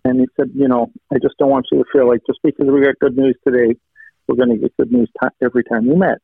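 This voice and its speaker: Speaking fast in a level, mid-range voice with vocal fry, a man earnestly relates a personal testimony and gives thanks to God along the way. He replays conversations line by line through stacked "he said" quotes. The recording is a thin, dry phone-like line with no room sound.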